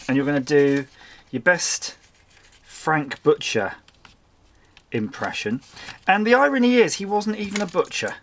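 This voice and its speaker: A man talks casually while he crafts. He keeps up a chatty flow of self-mocking remarks and quiet muttered asides. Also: a little high, a little hiss or hum. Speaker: crafting channel host. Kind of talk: casual chat while making a collage.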